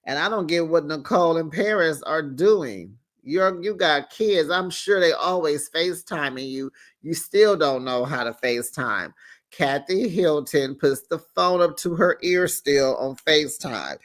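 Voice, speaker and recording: Slow, sassy reality TV recapper. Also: mid-range voice, a bit bright. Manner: dramatic storyteller who acts out cast members' lines and laughs often; sassy, talks straight to the viewer. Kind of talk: casual chatty episode recap.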